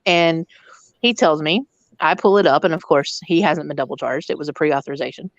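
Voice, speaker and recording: A woman's voice: low voice, fairly quick, no room sound, lo-fi sound. A woman who works as a hotel district manager, telling a blunt, profane story about a rude guest in a casual rant. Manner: blunt, profane, animated retelling.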